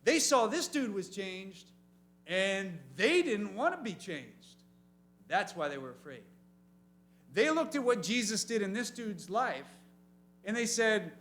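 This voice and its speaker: A man with a higher-than-usual voice delivers a youth sermon as animated storytelling. He jumps into comic voices and throws questions out to the room. He sounds like a youth pastor speaking to teenagers. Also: a little slow.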